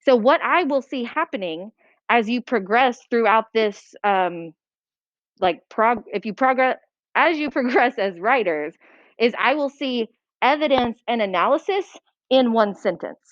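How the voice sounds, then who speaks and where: A woman teaching a writing lesson to a class, brisk and checking that students follow. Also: on the high side, lively intonation, no echo. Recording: dull lo-fi classroom recording.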